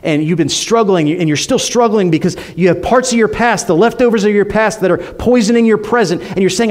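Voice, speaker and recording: A man preaching a sermon to a congregation, emphatic, climbing on rhetorical questions and dropping soft for effect. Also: sits high, a little fast, hardly any pauses. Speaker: pastor. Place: church.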